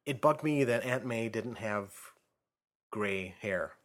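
A man in casual conversation, giving measured, slightly picky opinions about movies. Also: fairly low pitch, a bit bright. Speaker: co-host of a movie discussion. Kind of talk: casual chat.

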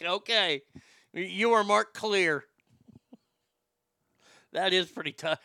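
A man's voice: high-pitched, very slow, creaky, pauses often, bright, forceful tone, dry recording, clean studio sound. A man hosting a talk show, brash and profane, riffing on clips and reading chat, often stammering into restarts. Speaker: show host. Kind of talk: casual commentary reading chat.

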